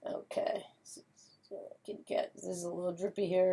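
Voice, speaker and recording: Her voice is lowish, husky, and mellow, delivered flatly at a normal speed. She's a pet portrait painter and teacher chatting cheerfully through a casual watercolor demonstration, with frequent fillers and little hummed doo-doo tunes.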